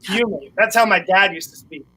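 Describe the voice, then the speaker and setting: A man's voice: sits high, moderate pace, pushed and bright, a little hiss or hum, rough recording. A man, a musician guest chatting casually on a video call, laughing often and rambling with restarts. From Philadelphia area.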